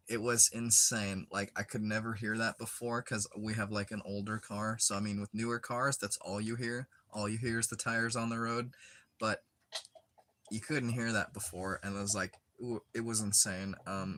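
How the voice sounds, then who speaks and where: A man's voice: on the low side, flat delivery, normal speed, bright, forceful tone. A young man chatting casually while he plays a game, rambling with lots of filler words and frequent giggles. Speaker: gaming streamer.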